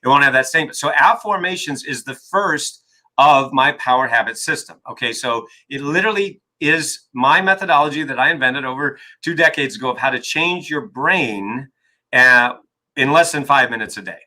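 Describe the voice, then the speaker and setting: Interviewed as an author and coach, a man speaks emphatically in a medium-pitched, sharp-toned voice at a moderate pace, often checking in with "right?". The energetic talk comes through on poor audio.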